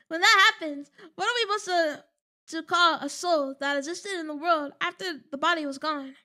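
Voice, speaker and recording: A woman's voice: very high voice, normal speed, pushed and bright. A young woman streaming a game, joking dramatically and reading its text aloud in a casual chat.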